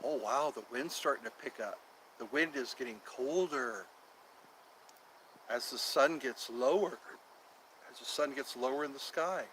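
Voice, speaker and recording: A man's voice: medium pitch, a little slow, pauses often, a bit bright, slight background noise, rough recording. A man hosting a casual livestream from outdoors in the cold on his phone, rambling and repeating himself as he talks to viewers. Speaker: livestream host.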